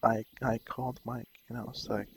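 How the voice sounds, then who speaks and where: Rambling young man with a gravelly voice. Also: mid-range voice, flat delivery, moderate pace, background noise. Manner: rambling, loses his train of thought. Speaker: vlogger. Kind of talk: casual personal storytelling.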